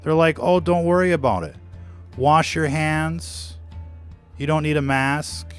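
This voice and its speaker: A man hosting his own show in an emphatic, ranting monologue, often addressing listeners as "ladies and gentlemen" and drawing out words for weight. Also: on the high side, takes it slowly, clear, resonant tone, soft background music. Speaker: show host.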